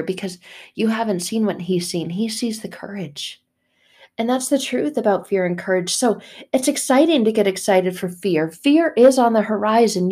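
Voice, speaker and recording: A woman's voice: mid-range voice, mellow. A woman hosting a faith podcast, giving an emphatic, repetitive inspirational talk in a casual way.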